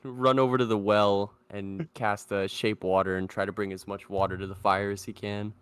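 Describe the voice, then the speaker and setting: A man's voice: fairly low pitch, flat delivery, moderate pace, fairly bright tone, clear, resonant tone. A man playing a tabletop game over an online call, describing his character's actions with a laugh. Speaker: player. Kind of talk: casual game table chat.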